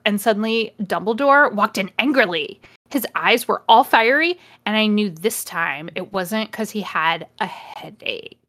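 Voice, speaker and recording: A woman's voice: fairly high pitch, pushed and bright. A woman co-hosting a comedy podcast, reading a story aloud and breaking off for sardonic asides.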